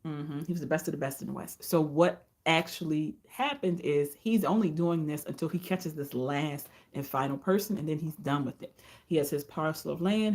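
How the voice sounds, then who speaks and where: A woman reviewing romance novels in a casual vlog, retelling the plots in an animated way and slipping into the characters' quoted lines. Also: low voice. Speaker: book reviewer.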